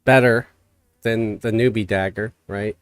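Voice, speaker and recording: A man's voice: fairly low pitch, measured pace, clean tone, dry recording. A man streaming a game live, chatting casually and reading viewer messages aloud, a bit stuffy from a cold. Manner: relaxed, rambling, reads chat aloud.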